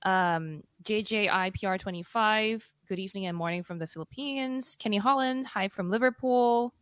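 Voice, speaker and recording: A woman's voice: medium pitch, moderate pace, fairly bright tone, clean tone, no echo, studio quality. A woman co-hosting a live tech podcast, chatting casually and reading out viewer greetings with small laughs. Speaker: podcast co-host.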